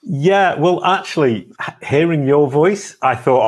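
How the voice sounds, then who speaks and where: A man's voice: a little high, lively intonation, moderate pace, breathy edge. A man hosting a casual online interview, chatty and enthusiastic with playful teasing. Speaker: host.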